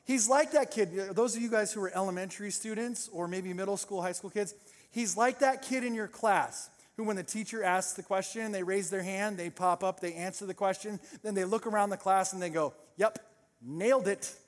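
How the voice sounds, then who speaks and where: A male pastor preaching a sermon, telling a story with animated acted-out voices. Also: high-pitched, a little fast, in a large hall.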